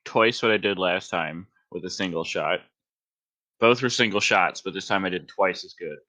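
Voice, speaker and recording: A man playing in a tabletop game, chatting casually and excitable about his dice rolls. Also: low-pitched, normal speed. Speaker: player. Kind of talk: casual play chat.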